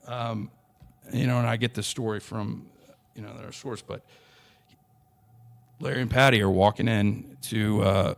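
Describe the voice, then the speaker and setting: A young adult man with a drawl recounts a personal story as a podcast guest. His voice sits somewhat low, and it is recorded close and dry. He talks in earnest bursts, often restarting his sentences. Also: steady tone, normal speed, creaky, long pauses, no echo. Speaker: interview guest.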